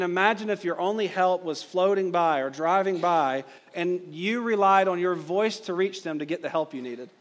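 A male pastor preaching a sermon, emphatic and driving points home with rhetorical questions. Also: a little high. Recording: long reverb of a hall.

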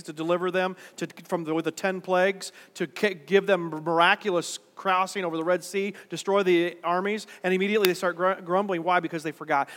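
A male pastor preaching to his congregation in a church worship center. His voice is high and bright, and it carries a long hall reverb. He talks in a conversational way and then rises to emphatic peaks. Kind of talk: sermon.

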